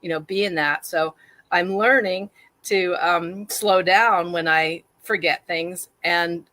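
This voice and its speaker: Low-voiced woman talking candidly. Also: fairly even intonation, slow pace, sharp tone, dry recording. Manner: candid, self-deprecating, laughs easily. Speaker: guest, trauma awareness activist. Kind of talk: reflective conversational talk.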